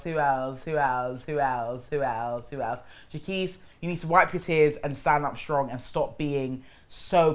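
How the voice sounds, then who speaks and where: A young woman giving a blunt, sassy, slangy recap of a reality show as a vlogger. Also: low voice.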